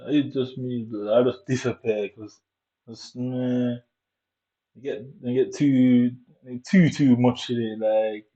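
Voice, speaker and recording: In this laid-back storytelling monologue, a young man wanders through a personal tale at an easy pace, leaning heavily on "innit" and "you get me." His mid-pitched voice is warm and everyday, with fairly level intonation, though the recording itself sounds dull and lo-fi.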